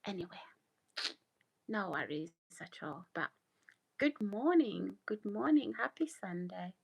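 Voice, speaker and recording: A woman's voice: medium pitch, very animated, unhurried, vocal fry, breathy edge, highs cut off. A woman hosting a casual morning live stream, repeating greetings and reading out viewer comments. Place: home, early morning.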